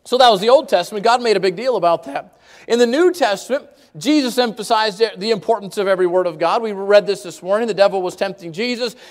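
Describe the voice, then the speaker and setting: A man preaching a sermon in a high, bright-pitched voice. He drives his points home by repeating key words, rushing some phrases and drawing others out slowly. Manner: emphatic, repeats key words, varies pace widely.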